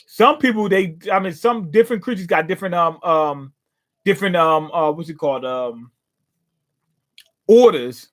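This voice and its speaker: A man's voice: on the high side, moderate pace. A man hosting a casual live reaction, commenting in a slangy, joking way. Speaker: manga reaction host.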